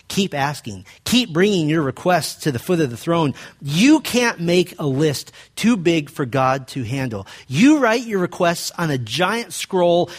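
Man preaching a storytelling sermon. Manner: storytelling, dropping low and quiet for emphasis. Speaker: pastor.

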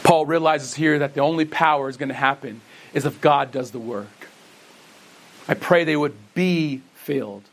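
Male pastor preaching, high voice, earnest, rhetorical questions, stumbles and restarts. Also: normal speed. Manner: earnest, asks rhetorical questions and answers them himself; says he stutters, with frequent restarts. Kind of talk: sermon.

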